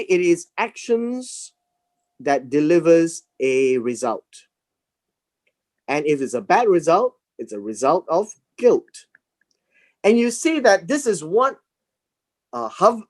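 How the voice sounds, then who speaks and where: A man teaching a Bible class. He talks in a slow, halting way and often repeats words and fillers as he reads verses and explains Hebrew words. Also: on the high side. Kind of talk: Bible study lecture.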